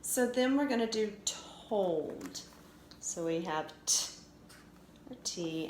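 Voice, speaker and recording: A woman teacher giving a recorded phonics lesson for children, sounding out letters slowly and clearly. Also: medium pitch, lively intonation. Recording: echoey room with faint noise.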